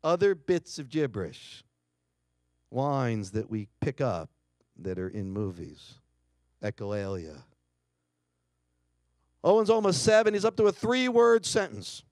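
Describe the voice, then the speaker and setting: A man's voice: medium pitch, big pitch swings, measured pace, long pauses, a little mellow, dry recording, studio quality. A middle-aged man giving a keynote talk, telling a family story dramatically and acting out quotes. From United States. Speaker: keynote speaker. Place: lecture hall.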